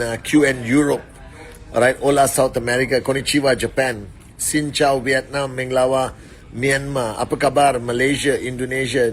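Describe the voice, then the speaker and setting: A man hosting a motivational live stream on his phone indoors, greeting viewers warmly and giving shout-outs. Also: mid-range voice, slight background noise. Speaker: network marketing leader.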